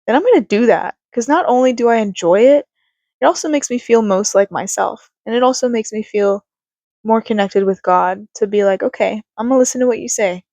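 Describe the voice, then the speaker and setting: A woman's voice: a little high, brisk, warm tone, dry recording. A young woman talking casually to camera about life and faith, rambling with fillers and laughs, and a bit congested. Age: young adult. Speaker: vlogger. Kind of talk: casual reflective talk to camera.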